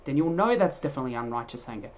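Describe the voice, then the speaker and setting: A man preaching with real fire, his voice swelling loud on key points and then sinking low. He stumbles and restarts as he works through scripture, and the sermon feels spontaneous rather than read. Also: very fast, a little hiss or hum. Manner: emphatic, animated preaching with restarts.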